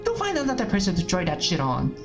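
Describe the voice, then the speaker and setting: A woman hosting a let's-play, reading a visual novel aloud in a blunt, profane, animated way. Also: lowish voice, fast, over music.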